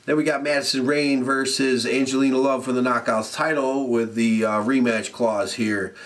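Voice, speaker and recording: A man giving a casual, profane, animated recap as a show reviewer, often laughing as he talks. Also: medium pitch, normal speed.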